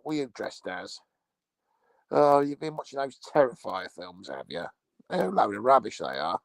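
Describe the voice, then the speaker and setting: A man playing a crude, boastful English loudmouth in a rambling, foul-mouthed comic monologue, with an English accent. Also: on the low side, vocal fry, dry recording, full character voice.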